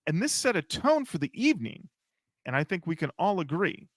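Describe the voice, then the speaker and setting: A man co-hosting a podcast, telling a story in a lively, animated way. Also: sits high, a little fast, no echo, studio quality. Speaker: podcast co-host. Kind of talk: casual chat.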